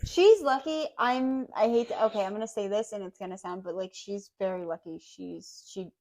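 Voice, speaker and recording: A woman co-hosting a casual podcast, talking emphatically and swearing freely, with loud outbursts and soft asides. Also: mid-range voice, moderate pace. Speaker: podcast co-host.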